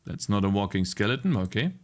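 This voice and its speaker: This game developer talks casually on his live stream in a fairly low, sing-song voice, speaking fast. He reads out chat and responds, frequently cursing as he vents his frustration.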